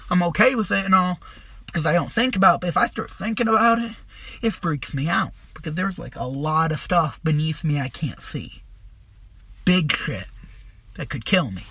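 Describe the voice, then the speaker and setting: A man's voice: high voice, bright, forceful tone, husky, no echo. A man hosting a podcast, telling a personal story in a rambling, profane way, full of fillers. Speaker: podcast host.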